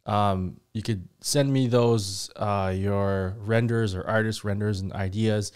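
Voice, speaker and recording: A man hosting a movie reaction show, chatting casually to viewers in a rambling, excitable way full of fillers and restarts. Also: fairly low pitch, slow pace, clean tone. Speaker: host of a movie reaction channel.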